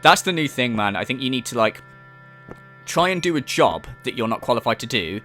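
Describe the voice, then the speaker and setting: A man's voice: medium pitch, very animated, a little fast, bright, forceful tone, soft background music. A young man giving jokey, sarcastic let's-play commentary, swearing casually as he explores. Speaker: gaming YouTuber.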